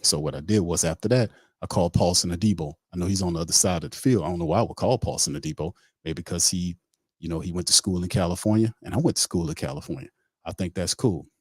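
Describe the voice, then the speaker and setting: A man's voice: sits low, fast talker, husky, dry recording, studio quality. A man doing a comic impression of a rambling, boastful male pro quarterback. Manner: rambling comic storytelling with mock dialogue.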